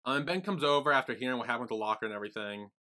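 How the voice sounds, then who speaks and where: Bright, lively man recapping plot. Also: mid-range voice, very fast. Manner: relaxed plot summarizer, easygoing. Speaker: podcast co-host. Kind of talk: casual recap chat.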